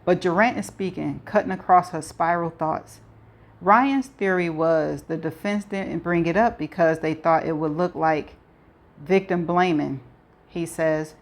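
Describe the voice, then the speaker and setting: A woman reading a novel aloud with expressive narration and playful asides. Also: fairly low pitch, unhurried. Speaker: audiobook reader.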